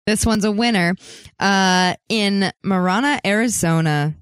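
A woman's voice: medium pitch, measured pace, clean tone, no room sound. A woman reading news on a talk show who adds her own commentary, tells stories expressively and exclaims and laughs. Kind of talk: chatty news segment with commentary.

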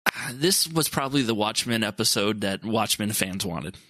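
A man's voice: on the low side, animated, normal speed, sharp tone, dry recording. A man hosting a casual podcast, chatting loosely and introducing the episode. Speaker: podcast co-host.

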